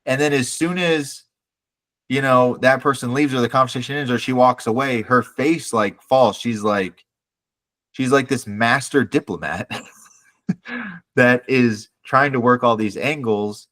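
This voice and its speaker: A man co-hosting a podcast in casual chat, animated, acting out characters' lines. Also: mid-range voice, unhurried. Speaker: podcast co-host.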